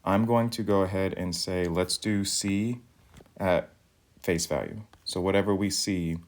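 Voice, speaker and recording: A math teacher walking through a recorded video lesson. He speaks in a very low voice, calm and methodical, counting things out one step at a time. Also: unhurried.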